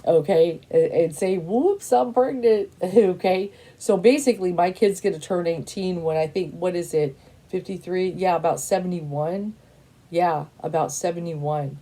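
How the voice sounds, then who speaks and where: A woman in her fifties with a lowish, mellow voice, talking straight to camera as a tarot reader. She is blunt and emphatic, swears casually, and circles back to repeat her points with plenty of "you know" and "and stuff". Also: fairly even intonation, moderate pace. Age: 50s. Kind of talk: casual opinionated monologue.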